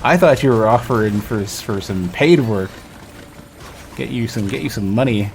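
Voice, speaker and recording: Guy streaming games, kinda low voice, rambles and restarts a lot. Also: normal speed, vocal fry, slight background noise. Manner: rambling, self-interrupting, lots of restarts. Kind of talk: casual gaming stream chat.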